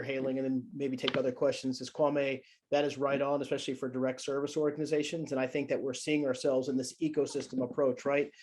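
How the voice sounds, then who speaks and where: A man's voice: mid-range voice, a little mellow. A man speaking on a panel over a video call, impassioned and rhetorical. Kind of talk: panel discussion.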